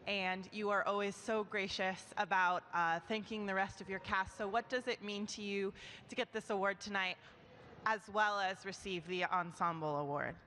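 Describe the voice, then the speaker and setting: A woman reporter asking a friendly, measured question at a press event. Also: medium pitch, fairly even intonation, pushed and bright, in a large hall, slight background noise. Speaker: magazine reporter.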